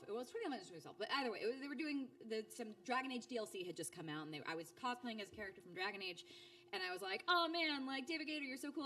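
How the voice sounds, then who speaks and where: Animated chatty woman voice actor. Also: far from the mic. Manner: animated, acts out quoted speech with big pitch jumps; chatty with frequent fillers and restarts. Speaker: voice actor guest. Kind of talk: casual storytelling interview.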